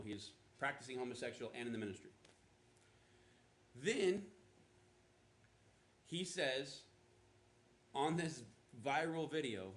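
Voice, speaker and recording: A man's voice: medium pitch, reverberant, a little hiss or hum. A man preaching a sermon to a church congregation in a conversational way, with casual asides. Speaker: pastor. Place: church auditorium.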